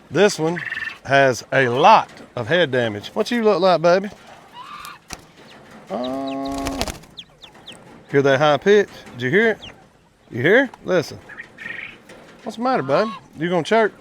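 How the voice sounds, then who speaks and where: Folksy man with a lively voice. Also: sits high, a little hiss or hum. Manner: folksy, chatty, addresses viewers as y'all. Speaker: quail farmer and channel host. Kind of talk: casual outdoor vlog. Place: outdoors at quail pens.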